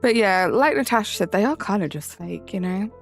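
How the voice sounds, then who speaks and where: A woman's voice: mid-range voice, expressive, fairly quick, creaky. Bubbly English woman greeting chat. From England. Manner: bubbly, greets chatters by name, sing-song rising endings. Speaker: streamer. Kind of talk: live-stream chat with viewers. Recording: faint music behind. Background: faint background music.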